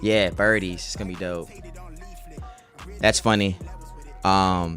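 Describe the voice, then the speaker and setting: A man's voice: fairly low pitch, moderate pace, pauses often, fairly bright tone, faint music behind. A young man streaming live, chatting casually with his chat in a laid-back, slangy way.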